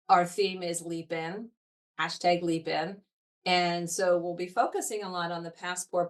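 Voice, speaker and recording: An eager, talkative woman with a somewhat low voice speaks as a guest in a podcast conversation. She sits a little back from the microphone, so her voice sounds set at a slight distance. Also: a bit bright. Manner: eager, talkative, frequent fillers. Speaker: parks foundation representative, guest.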